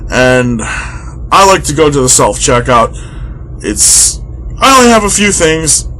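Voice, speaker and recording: A man's voice: a little high, sing-song, slow pace, bright, forceful tone, slight background noise. Exasperated male vlogger ranting. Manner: exasperated, sarcastic, swears freely. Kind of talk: comedic rant.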